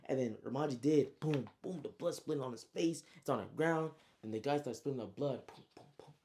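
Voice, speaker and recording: A young man retells his own story in a loose, slang-heavy storytime style. He fills it with spoken sound effects and casual asides. His voice is mellow and dark-toned. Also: medium pitch, brisk. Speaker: author recapping his story.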